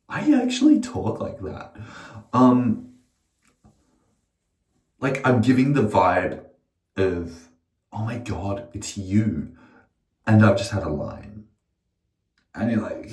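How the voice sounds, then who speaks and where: A young man vlogging to camera in a rambling, sweary way, swinging between hushed and loud. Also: lowish voice, lively intonation, slow pace, pauses often.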